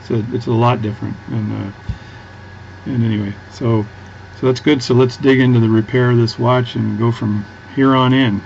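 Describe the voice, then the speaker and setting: A man's voice: mid-range voice, fairly even intonation, normal speed, vocal fry, darkish tone, muffled recording, a little hiss or hum. A Canadian man with a Canadian accent, chatting casually as he works through a watch repair, rambling and restarting often. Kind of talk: casual workbench tutorial.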